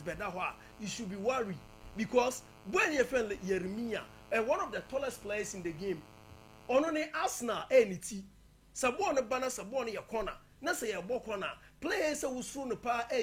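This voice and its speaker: A man's voice: very high-pitched, animated, brisk, a bit bright, slight background noise. A man previewing football matches in a casual, emphatic way, slipping local-language phrases into his talk. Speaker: football pundit.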